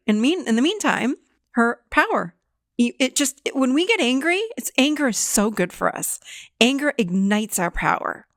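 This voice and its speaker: A woman hosting a podcast as a therapist, talking in an animated, emphatic way and laughing often. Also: a little high, moderate pace, vocal fry, dry recording, clean studio sound. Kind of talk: conversational podcast talk.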